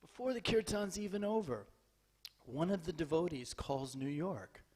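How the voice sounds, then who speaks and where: A man giving a scripture class to an audience in a temple hall. He tells stories in an animated, humorous way, acts out dialogue, and urges his listeners on. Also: fairly high pitch, normal speed. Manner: urgent and exhorting. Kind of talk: sermon with lively storytelling.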